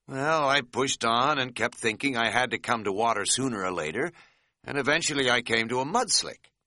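A man's voice: mid-range voice, expressive, normal speed, pushed and bright, no echo, studio quality, pitched above the performer's own voice. A man voicing a scatterbrained middle-aged hiking buddy who talks in a folksy, rambling, self-mocking way. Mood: rambling sheepish. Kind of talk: audiobook character voice.

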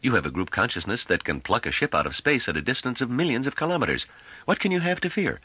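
A man voicing a blunt, skeptical man who questions forcefully and flares into anger. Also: medium pitch, very animated, fast talker, husky, dry recording, pitched above the performer's own voice, exaggerated voice. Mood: doubtful.

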